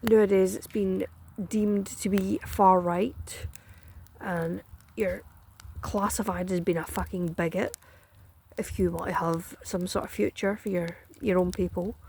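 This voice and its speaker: A woman's voice: medium pitch, fairly even intonation, unhurried, gravelly, a little mellow, a little hiss or hum. A Scottish woman ranting bluntly and profanely in a casual chat, dry and close to the mic. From Scotland. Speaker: political commentator.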